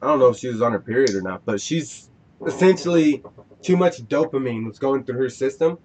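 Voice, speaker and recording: A man's voice: mid-range voice, expressive, brisk, a little mellow, slight background noise. A man with a mid-range voice hosts a casual podcast. He rambles, lectures a little, and keeps restarting his sentences. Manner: rambling, preachy, restarts often. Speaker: podcast host.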